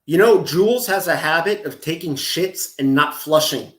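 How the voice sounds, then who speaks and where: A man's voice: fairly high pitch, expressive, normal speed, a bit bright. A man hosting a profane, comedic reaction video, crude and mocking, full of scattered asides. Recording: echoey room.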